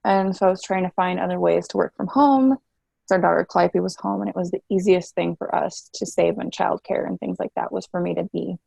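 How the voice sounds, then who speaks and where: A woman's voice: fairly low pitch, creaky, dark tone, no room sound. A woman in her twenties, a guest telling her story candidly in a chatty way, with many fillers. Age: 20s. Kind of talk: casual interview chat.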